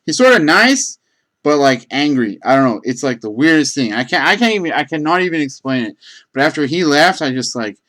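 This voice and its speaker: A man who clerks at a gas station speaks on the high side, a little fast, with a fairly bright tone and big swings in pitch. His casual storytelling wanders, peppered with fillers and restarts.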